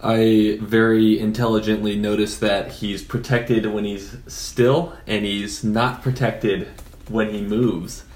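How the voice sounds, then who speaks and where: A man's voice: on the low side, little pitch movement, takes it slowly, darkish tone, reverberant. A man playing in a tabletop game, playful and laughing often. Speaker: player. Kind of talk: casual tabletop play.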